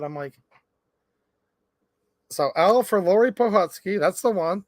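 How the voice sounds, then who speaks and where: A man hosting a casual live stream, chatting and reading viewer comments aloud in an animated way. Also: high-pitched, unhurried, pauses often, no room sound, studio quality. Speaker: livestream host. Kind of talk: casual livestream chat.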